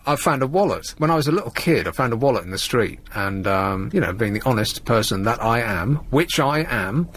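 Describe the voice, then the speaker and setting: A man hosting a late-night radio show, chatting and joking as he rambles through the stories. His pitch moves around a lot, lively and animated. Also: fairly quick, hardly any pauses. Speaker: radio host. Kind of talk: casual radio chat.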